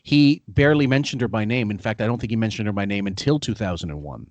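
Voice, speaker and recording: Man, podcast host, lower voice, blunt and dismissive, dry close recording. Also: fast, a little mellow, no echo, highs cut off. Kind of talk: casual podcast discussion.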